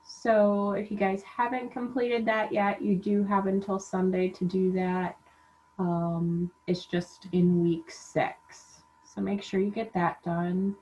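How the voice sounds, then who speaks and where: A woman college instructor giving relaxed class reminders with lots of "um" fillers, while feeling unwell. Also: mid-range voice, takes it slowly, a little hiss or hum. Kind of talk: recorded class announcements. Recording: dull lo-fi class recording.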